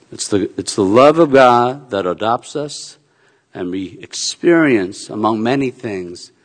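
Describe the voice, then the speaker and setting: A middle-aged man, a pastor, preaching a sermon in a conversational way with playful asides. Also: medium pitch. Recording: long hall reverb.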